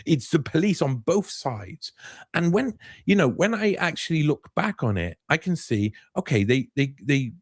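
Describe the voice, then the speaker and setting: A man speaking as a guest journalist, recounting what happened in an animated, halting way with constant restarts. His pitch leaps and dips all through the telling. The sound is dry, with no room around it. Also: slightly rough, no room sound. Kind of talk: casual storytelling.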